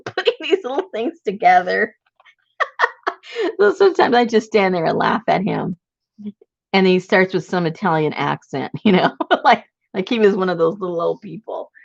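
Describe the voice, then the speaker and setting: Chatty woman who laughs a lot. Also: no echo. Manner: chatty, laughs often, rambling. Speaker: workshop presenter. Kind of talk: casual chat. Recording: dull, dry low-fi sound.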